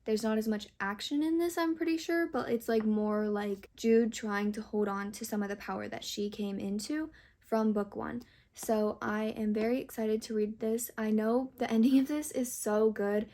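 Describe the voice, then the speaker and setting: Chatty young woman vlogging, mellow voice. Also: on the high side, fairly even intonation, normal speed. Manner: chatty, gushing, many "like" fillers. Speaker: book vlogger. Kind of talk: casual reading vlog chat. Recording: faint music underneath.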